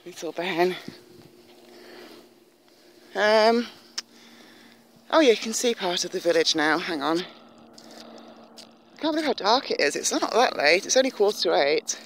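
A woman's voice: mid-range voice, big pitch swings, unhurried, long pauses, a little hiss or hum. Chatty woman vlogging on a country walk. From northern England. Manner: chatty, rambling, laughs often. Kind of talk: casual walking vlog. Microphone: handheld camera filming herself.

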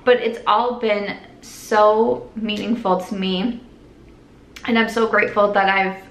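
A young woman talks through her makeup routine in an easy, rambling vlog style, circling back and restarting as she goes. Her voice sits at a middle pitch and the room around her rings with echo. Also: fairly bright tone. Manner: rambling, lots of "like" and restarts, earnest. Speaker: beauty vlogger. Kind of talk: chatty get-ready-with-me vlog. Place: at home doing makeup. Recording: echoey room.

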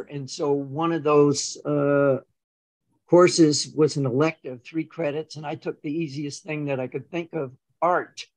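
In a low-quality recording with no room sound, an older man with a voice on the high side is a guest on a video call. He casually tells his life story, animatedly acting out dialogue with stammered repeats.

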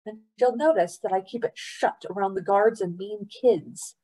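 A woman's voice: mid-range voice, moderate pace, warm tone, natural voice, low-quality recording. A woman reading aloud, voicing a wisecracking, wary boy who grumbles sarcastically. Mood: grumbling.

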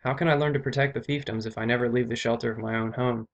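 Headstrong but polite young girl, calm read by a male narrator. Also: medium pitch, fast, lo-fi sound, close to an everyday voice. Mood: respectful. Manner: calm, respectful delivery.

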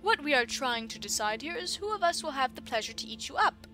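A woman's voice: sits high, big pitch swings, fairly quick, bright, forceful tone, soft background music, exaggerated voice. A woman reading as a politely hungry wolf. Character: polite, predatory male wolf. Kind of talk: storybook reading.

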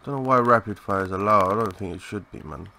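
A young man giving live, excitable commentary over a shooter game, swearing and chatting in slang. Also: on the low side, quick pace, gravelly, slight background noise. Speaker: gaming commentator.

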